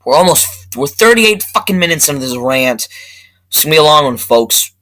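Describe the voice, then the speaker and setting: A man giving a rambling, profane movie review rant that keeps flaring up into loud outbursts. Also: fairly high pitch, expressive, fairly quick, rough recording.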